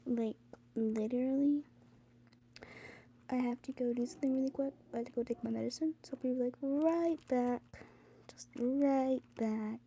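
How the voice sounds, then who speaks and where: A woman's voice: sits high, fairly even intonation, moderate pace, mellow, muffled recording, a little hiss or hum. A teenage girl talking to her phone, tired and rambling with lots of fillers, sometimes ranting in exasperation. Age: teens. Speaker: vlogger. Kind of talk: casual talk to camera.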